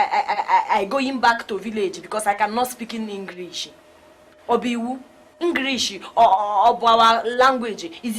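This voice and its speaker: An actress playing a clumsy comic house help who speaks broken English with a Nigerian accent. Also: female voice, fairly high pitch, fairly bright tone.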